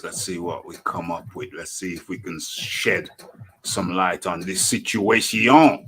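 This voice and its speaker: A man hosting a live online boxing talk show, animated and thinking aloud as he searches. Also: sits low, a little slow. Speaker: host.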